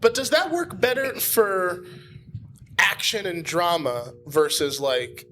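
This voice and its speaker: A man hosting a podcast, talking in quick, chatty casual conversation full of "like". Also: high voice, lively intonation, sharp tone, a little hiss or hum. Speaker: podcast host.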